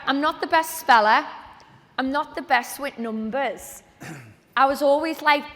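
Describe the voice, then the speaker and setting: A woman's voice: high-pitched, a bit bright. A woman giving a motivational personal story to an audience at a training event, chatty and acting out the conversations she remembers. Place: event venue with a live audience. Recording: echoey large event hall.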